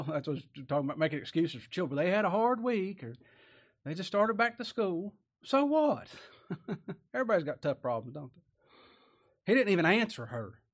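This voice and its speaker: A man preaching a folksy sermon, often asking rhetorical tag questions and chuckling. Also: a little high.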